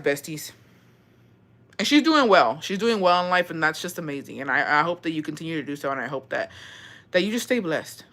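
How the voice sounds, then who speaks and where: Texas girl in her 20s reacting to viewer stories, bright voice, talks emotional and swears a lot. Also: deep voice, sing-song, fast. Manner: emotional, chatty, swears freely, calls viewers besties. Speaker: host reading viewer stories. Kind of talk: casual chat.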